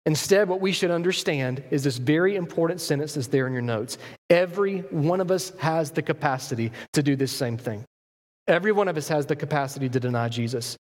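A man's voice: fairly high pitch, fairly quick, a little mellow. A man preaching a sermon, retelling a Bible story and acting out its characters in their own voices. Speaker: pastor. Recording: long hall reverb.

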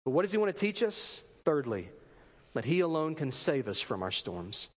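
A man delivers a sermon in a high, bright-toned voice, talking to the congregation conversationally. He throws out rhetorical questions and joking asides, and his voice carries the long reverb of a large hall. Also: very animated, moderate pace. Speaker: pastor.

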